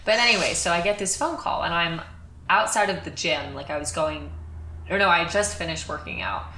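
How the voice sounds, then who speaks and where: A young woman with a low voice talks candidly through a personal story, chatty and full of fillers. Her voice carries a noticeable roomy echo. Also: a little fast, sharp tone, a little hiss or hum. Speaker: podcast co-host. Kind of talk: casual storytelling chat.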